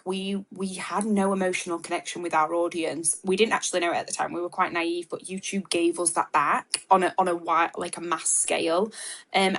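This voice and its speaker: A woman with a fairly low voice gives advice as an interview guest on a webinar. She thinks out loud, leaning on "like" and "um" and restarting her sentences as she goes. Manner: thinks aloud with frequent fillers and restarts. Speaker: marketing expert guest. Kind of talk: casual interview answers. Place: video call webinar.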